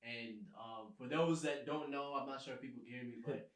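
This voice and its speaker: A man's voice: mid-range voice, fairly quick. A man on a podcast casually telling a laid-back story and laughing along with it. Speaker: podcast co-host. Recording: roomy echo.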